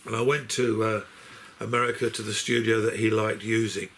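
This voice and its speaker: Older man, gravelly voice, rambling anecdotal chat, unboxing. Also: fairly low pitch, little pitch movement, normal speed, a bit bright, a little hiss or hum. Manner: rambling storyteller, stops and restarts sentences. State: unwell. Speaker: musician presenting his box set.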